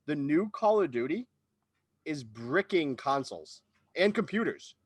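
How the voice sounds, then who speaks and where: A man's voice: fairly high pitch, big pitch swings, a little slow, slightly rough, dry recording. A man hosting a gaming podcast in casual chat with friends, telling stories in a rambling, stop-start way. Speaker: podcast host.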